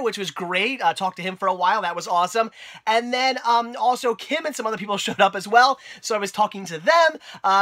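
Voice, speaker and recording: Bright, congested man chatting to his viewers. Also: sits high. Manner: upbeat, chatty, frequent fillers and restarts. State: congested from a cold. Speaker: video host and collector. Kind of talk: casual vlog narration.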